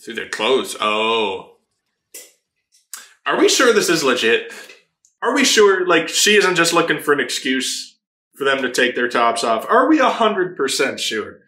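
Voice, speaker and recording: A man hosting a casual anime reaction, excitable, laughing often and swearing freely as he watches. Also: mid-range voice, unhurried. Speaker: anime reaction channel host. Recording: roomy echo.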